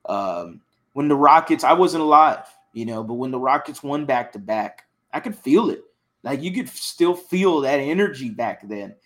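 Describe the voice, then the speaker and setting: Excitable young Houston sports fan. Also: male voice, medium pitch, normal speed. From Houston, Texas. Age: young adult. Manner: passionate, excitable, repeats himself. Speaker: sports podcast co-host. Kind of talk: casual sports chat.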